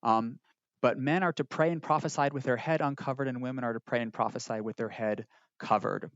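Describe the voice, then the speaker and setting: A man's voice: medium pitch, steady tone, a little fast, fairly bright tone, dry recording. A man teaching a Bible lesson in a casual, conversational way, with frequent ums and restarts, now and then acting out quoted lines. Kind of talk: recorded Bible lesson walking through a text. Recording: dull lo-fi dry recording.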